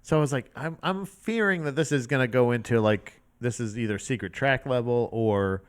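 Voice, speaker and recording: A man's voice: mid-range voice, normal speed, clean tone. A man co-hosting a casual music podcast, talking in a loose, rambling, profane way with plenty of restarts. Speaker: podcast co-host.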